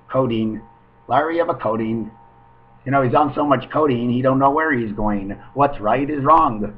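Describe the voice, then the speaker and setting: A man's voice: medium pitch, normal speed. Rambling man on a lo-fi webcam. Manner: free-associating wordplay, sing-song asides. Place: at home. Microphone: webcam microphone. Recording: dull lo-fi webcam audio.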